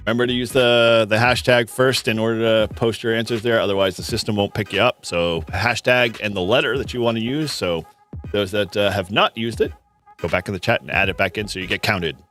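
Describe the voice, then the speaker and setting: A man's voice: on the low side, steady tone, a little fast, fairly bright tone, soft background music. Chatty, laughing Boston-area man host. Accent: Boston-area American. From Massachusetts, USA. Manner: laughs often, chatty with restarts. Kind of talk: casual live-stream quiz chat.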